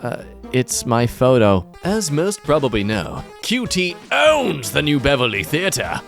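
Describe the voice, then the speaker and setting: A man reads online posts aloud and adds dry, sarcastic remarks between them. His pitch rises and falls a lot as he jokes. Faint music plays behind him. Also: wildly swooping pitch, unhurried, gravelly. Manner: sarcastic, wry commentary. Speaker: narrator reading posts aloud. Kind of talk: comedic reading of social media posts.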